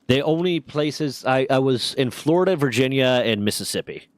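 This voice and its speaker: A man's voice: medium pitch, normal speed, dry recording. Profane man telling rambling stories. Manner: rambling, profane, lively anecdotes. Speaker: streamer and storyteller. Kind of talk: casual storytelling while gaming.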